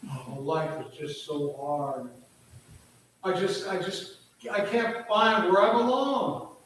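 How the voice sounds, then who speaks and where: A man's voice: fairly high pitch, moderate pace, slight background noise, lightly acted. A man voicing a weary young married woman who is overwhelmed and exasperated, sighing and complaining as he tells a story.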